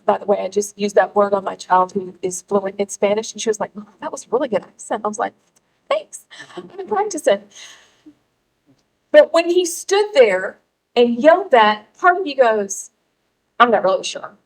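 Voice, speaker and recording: A middle-aged woman speaking to a live crowd, emphatic and rallying, with pauses for effect. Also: medium pitch, poor audio. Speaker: speaker at a political gathering. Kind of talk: public speech to a live audience.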